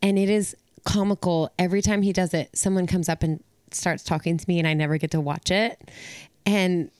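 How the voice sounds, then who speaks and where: A woman's voice: fairly low pitch, fairly even intonation, brisk, a little mellow, smooth, no echo. A woman hosting a podcast in casual chat, telling stories and acting out what other people said. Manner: chatty, acts out quotes from others. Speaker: podcast host.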